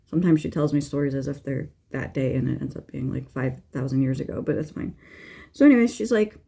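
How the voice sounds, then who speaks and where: Her voice is extremely low, creaky and mellow with a breathy edge, and she talks briskly. A middle-aged tarot reader, she's frank and exasperated in casual chat, venting with plenty of swearing, rambling asides, fillers and restarts.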